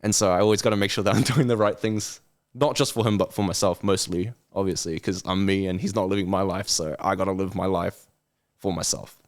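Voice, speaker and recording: A man's voice: low voice, steady tone, brisk. A man in his twenties, a podcast guest, talking earnestly and motivationally in casual chat and acting out lazy excuses in funny voices. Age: 20s.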